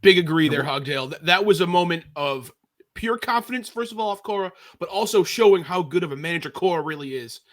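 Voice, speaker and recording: A man's voice: high-pitched, animated, fairly quick, fairly bright tone. A man on a sports podcast, talking in an enthusiastic, opinionated way. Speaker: podcast co-host. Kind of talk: casual sports chat.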